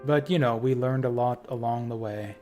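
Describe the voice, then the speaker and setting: Streaming a game, a man reads its lines aloud with some drama, then drifts into casual commentary full of swearing. He speaks at a normal speed and ordinary middle pitch, with faint, soft game music playing underneath.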